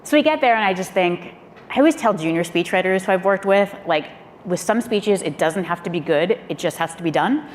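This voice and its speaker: A woman who is a former speechwriter, telling a lively story on a panel and acting out the quoted voices with big jumps in pitch. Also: a little fast. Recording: long hall reverb with faint noise.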